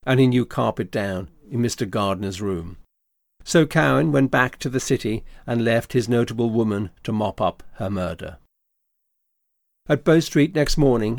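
A man narrating a classic novel as an audiobook, with a steady, even storytelling delivery. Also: medium pitch, no echo, studio quality.

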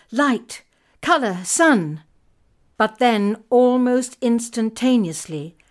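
A woman reading a story told in letters aloud, expressive and measured. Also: a little high. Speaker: audiobook reader. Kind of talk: scripted narration of letters.

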